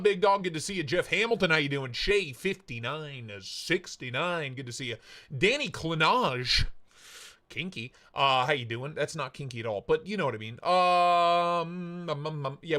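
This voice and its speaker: Bright, lively male livestream host. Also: a little high. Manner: playful, greets chatters by name with jokey shout-outs. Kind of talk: casual live-stream chat.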